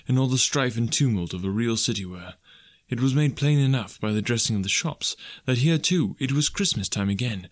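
Man narrating an old story, dry close sound, steady middle voice. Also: medium pitch, no room sound. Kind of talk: audiobook narration.

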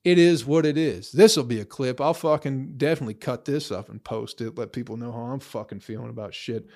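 A man's voice: mid-range voice, a little fast, darkish tone. A young man in a profane, rambling casual rant, blunt, tossing in "bro" and "you know" often. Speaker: vlogger.

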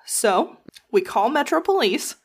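A woman in casual chat, telling a work story in an expressive way and swearing casually. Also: sits high, unhurried, slightly rough.

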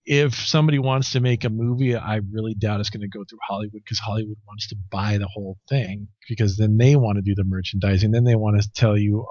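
A man's voice: on the low side, fairly even intonation, quick pace, hardly any pauses, darkish tone, no room sound. A man being interviewed about his comics, talking casually and bluntly, rambling with lots of restarts and swearing. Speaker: comic artist guest. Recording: dry, dull lo-fi sound.

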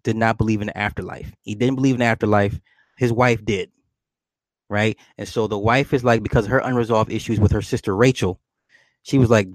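A man's voice: medium pitch, no room sound. A man casually retelling a movie's plot, laughing often and acting out the characters' lines. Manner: animated storytelling, laughs often, acts out characters; swears casually, addresses listener with "right?".

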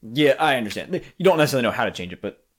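An easygoing man hosts a relaxed podcast conversation. His pitch moves around a lot, and he laughs often and fills pauses with ums and uhs. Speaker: podcast host. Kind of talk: casual chat.

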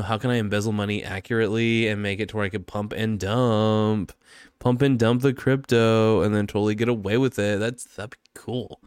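A man's voice: on the low side, clean tone, no echo, studio quality, natural voice. A man doing a smug valley girl drawl. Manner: drawn-out 'like, totally' valley girl drawl. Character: valley-girl-talking parody of a male influencer, smug.

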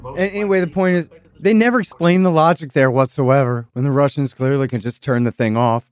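A man's voice: medium pitch, a little fast, soft background music. A man hosting a political commentary show, talking in a sarcastic, mocking way. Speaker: show host.

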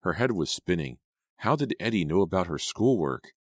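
A man reading a teen horror audiobook in an even, measured narration. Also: deep voice, dry recording. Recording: dry close studio sound.

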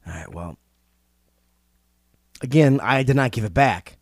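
A man retelling an old legend on a podcast in a loose, joking way. He speaks at a mid pitch, and his voice is dry and close to the mic. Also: animated, a little slow, no room sound. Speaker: podcast host, storyteller. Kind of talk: casual storytelling podcast.

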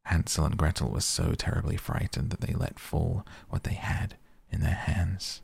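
A man reads a bedtime fairy tale in a soft, low, gravelly voice, sinking now and then into a breathy near-whisper. His delivery stays level and unhurried, close and dry. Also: fairly even intonation, dry recording. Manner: soft, slow, half-whispered at times. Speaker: sleep podcast reader. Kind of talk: softly spoken bedtime storytelling.

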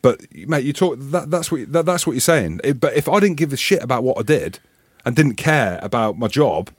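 A man in his thirties, a former rugby player co-hosting a podcast, telling stories in a casual, animated, swearing style and acting out voices. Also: medium pitch, moderate pace, hardly any pauses, breathy edge, dry recording, clean studio sound. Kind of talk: casual storytelling chat.

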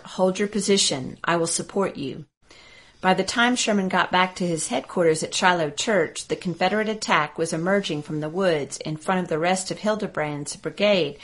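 Give me a woman from Arkansas with a lower voice, telling history in a steady narration.

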